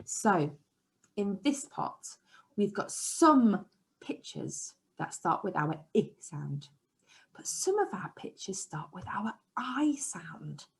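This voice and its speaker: A woman leads a phonics lesson for small children in a slow, deliberate way. Her pitch swoops up and down as she coaxes and praises. Now and then she drops into a soft whisper. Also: breathy edge. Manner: sing-song, encouraging, dips into soft whispers. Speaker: early years teacher. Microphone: camera she sets up herself.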